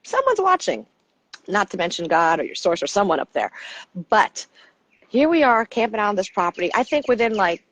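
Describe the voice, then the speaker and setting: She's a middle-aged American coach on a podcast, with a mid-range voice that moves a little fast. Telling stories in a casual interview, she animates them by playing the people she quotes. There's no echo on the recording.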